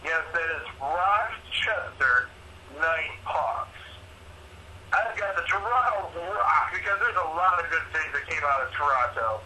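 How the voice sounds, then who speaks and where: A man's voice: on the high side, animated, unhurried, sharp tone, slight background noise, rough recording. A man co-hosting a sports picks show in casual banter, joking and mock-indignant as he makes his picks.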